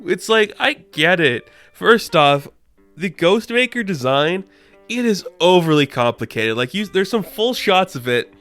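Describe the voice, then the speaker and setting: A man casually recapping a comic book issue, chatty, laughing often and acting out characters in quick asides. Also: high-pitched, very animated, fairly bright tone, dry recording, faint music behind.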